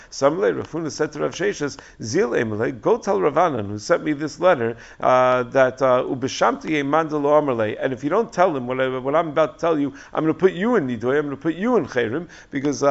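Male Talmud teacher, fairly high and gravelly, lively storyteller, dull lo-fi sound. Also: brisk, few pauses. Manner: animated storytelling, acting out dialogue, frequent fillers. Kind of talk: Talmud lecture. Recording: dull lo-fi recording.

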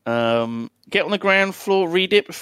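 A man's voice: sits high, animated, unhurried, fairly bright tone, clear, resonant tone, no room sound. A man co-hosting a podcast in casual chat, crude and joking, reading out donation messages. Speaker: podcast co-host.

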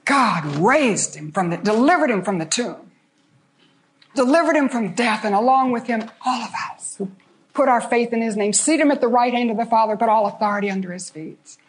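An older woman preaching fervently, telling Bible stories with emphatic, dramatic pauses. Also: fairly high pitch, slight background noise. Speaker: guest speaker.

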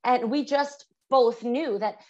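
A woman's voice: on the high side, takes it slowly, a little mellow, highs cut off. A woman guest on an interview podcast, vividly retelling a personal story with lots of fillers.

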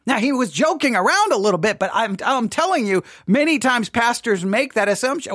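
A man's voice: extremely high pitch, expressive, fairly quick, hardly any pauses, a bit bright, dry recording, clean studio sound. A man commenting casually on a sermon, rambling with restarts and mimicking pastors.

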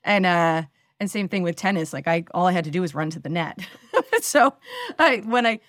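A woman's voice: lowish voice, lively intonation, moderate pace, a bit bright, no room sound, clean studio sound. A woman in her forties from the northeastern United States, a podcast guest telling chatty, self-deprecating stories with many fillers. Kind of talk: casual interview storytelling.

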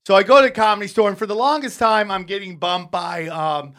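A male comedian telling a long story in casual chat, animated and profane, acting out voices of the people in it. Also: high-pitched, fairly quick. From California. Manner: animated, profane, acts out voices in his stories. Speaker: comedian guest.

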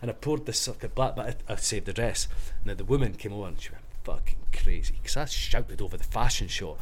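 A man with a Scottish accent, a hairstylist guest on a podcast, telling backstage stories in a casual, animated way, with plenty of swearing and fillers. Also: fairly low pitch, brisk, husky. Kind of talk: casual storytelling.

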